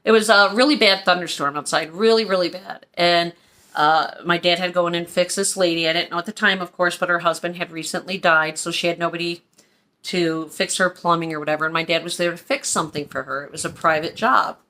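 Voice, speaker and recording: Animated, bright-voiced woman vlogger. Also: on the low side, a little fast. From Pennsylvania, USA. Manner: animated, dramatic storyteller. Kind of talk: casual storytelling vlog.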